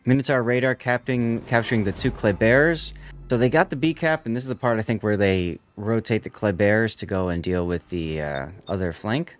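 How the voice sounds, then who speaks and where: A man's voice: lowish voice, moderate pace. A man streaming and commentating a game tournament, explaining the tactics to his viewers as he goes.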